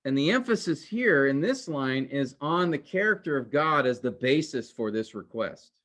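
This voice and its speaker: This recorded Bible lecture features a man of medium pitch with lively intonation and a fairly bright tone, speaking at normal speed. He explains step by step, repeats points through rhetorical questions, and addresses the class as "guys" and "men."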